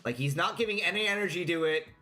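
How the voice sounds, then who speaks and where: A man's voice: high voice, fast, sharp tone, faint music behind. A man chatting casually while playing a game, ranting and swearing freely. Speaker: game player.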